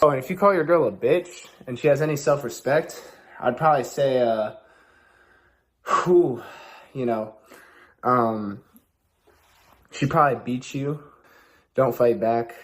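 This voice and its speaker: Young male host, loose rambling delivery, average pitch, casual talk. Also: unhurried, pauses often. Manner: loose, rambling, heavy fillers.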